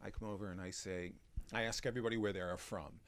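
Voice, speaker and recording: A low-voiced man describes his work in a loose, chatty way, often stumbling and restarting his sentences. He talks as a performer being interviewed. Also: steady tone, quick pace, dry recording. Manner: chatty, with frequent restarts and fillers. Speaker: magician, comic and actor. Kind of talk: interview conversation.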